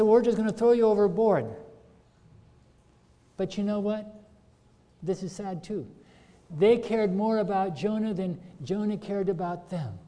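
A man's voice: sits high, warm tone. A man preaching a sermon, retelling a scripture story and putting earnest questions to his congregation. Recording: long hall reverb.

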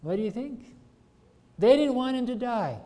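A man's voice: very high-pitched, big pitch swings, normal speed, dark tone. A man preaching a sermon, retelling a scripture story and putting earnest questions to his congregation. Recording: long hall reverb.

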